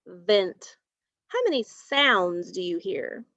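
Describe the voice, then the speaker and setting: A woman teaching a phonics lesson, slowly stretching out and repeating sounds and words, and praising her students. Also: mid-range voice, lively intonation, a bit bright, no echo. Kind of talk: slow, clearly enunciated phonics lesson. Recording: dry, dull lo-fi recording.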